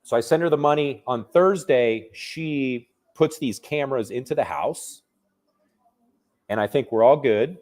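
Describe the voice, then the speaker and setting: A real estate investor recounting a personal story in a casual, conversational way, full of restarts and fillers. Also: male voice, medium pitch, measured pace, darkish tone.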